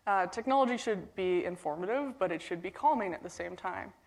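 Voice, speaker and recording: A woman's voice: lowish voice, animated, fairly quick. Chatty woman giving a keynote. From Portland, Oregon. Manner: casual and chatty, with frequent fillers and a few laughs. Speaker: keynote speaker. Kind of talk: conference keynote talk. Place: conference hall stage.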